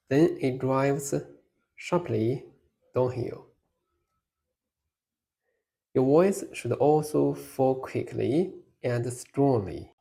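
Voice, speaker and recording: Very slow, deliberate male tone teacher. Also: medium pitch, vocal fry, warm tone. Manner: slow, deliberate, with drawn-out model syllables. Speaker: language teacher. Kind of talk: scripted pronunciation lesson.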